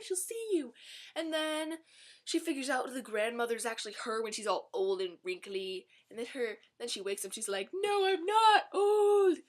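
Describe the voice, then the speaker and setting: A woman giving a casual, rambling movie review vlog with a sarcastic, chatty manner. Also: fairly high pitch.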